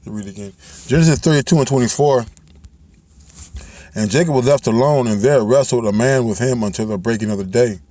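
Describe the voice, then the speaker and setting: A man giving informal Bible teaching, talking loosely and reading scripture aloud in a slow, measured way. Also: mid-range voice, mellow, no room sound. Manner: loose and conversational, ends phrases with "man" and "all right"; reads scripture aloud in slowed, measured cadence.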